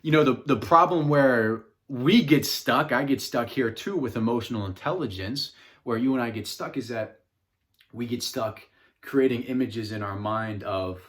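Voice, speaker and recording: A man's voice: medium pitch, a bit bright. A man talking casually and earnestly to his phone camera from his home office, often repeating words and restarting his sentences. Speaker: self-help vlogger. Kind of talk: casual motivational monologue.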